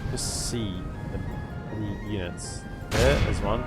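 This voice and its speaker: A man chatting casually through a live strategy game stream, repeating himself and barking orders at his units. His voice sits somewhat low. Game music plays clearly in the background. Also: takes it slowly. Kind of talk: casual live gameplay commentary.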